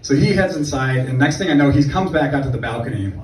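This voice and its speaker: Male stand-up comic, lively sarcastic delivery, roomy club sound heard from afar. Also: medium pitch, fast. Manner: sarcastic, rambling storytelling with asides. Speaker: stand-up comedian. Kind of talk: stand-up comedy set. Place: comedy club stage. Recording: echoey club room from far off. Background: audience laughter.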